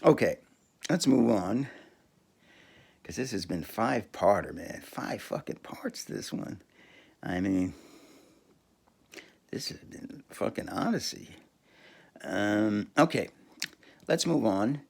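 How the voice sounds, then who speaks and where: A man's voice: lowish voice, lively intonation, slow, gravelly, long pauses, darkish tone, breathy edge. A man talking alone on his podcast, crude and rambling, often breaking into laughter and restarting his sentences. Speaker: podcast host. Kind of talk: rambling solo monologue.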